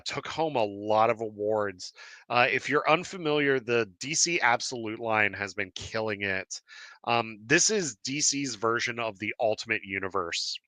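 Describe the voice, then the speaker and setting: A man hosting a live podcast stream in casual chat, excited and laughing often, with lots of fillers and restarts. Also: mid-range voice, no room sound. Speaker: podcast host.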